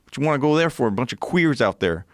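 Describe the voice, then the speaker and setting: A man's voice: medium pitch, animated, fast, no echo, clean studio sound, voice pushed up, close to an everyday voice. A man voicing an older, burly, pushy cowboy in a raised, drawling put-on voice. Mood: friendly. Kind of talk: quoted character in storytelling.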